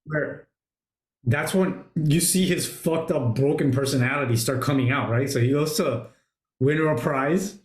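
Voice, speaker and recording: A man hosting a casual movie review chat, retelling scenes excitedly and swearing a lot. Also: on the high side, measured pace. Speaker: podcast host. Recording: roomy echo.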